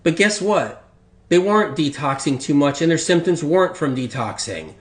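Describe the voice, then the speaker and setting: A man's voice: fairly high pitch, expressive, moderate pace, reverberant. A man giving an informal health talk in an emphatic, repetitive and rambling way. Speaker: health speaker.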